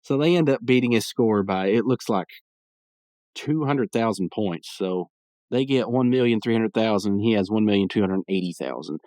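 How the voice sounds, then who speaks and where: A man hosting a podcast and recapping a cartoon episode in a loose, chatty ramble, often restarting his sentences. His voice is on the low side. It is recorded close and dry, with no room echo. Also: expressive, moderate pace, darkish tone. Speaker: podcast host.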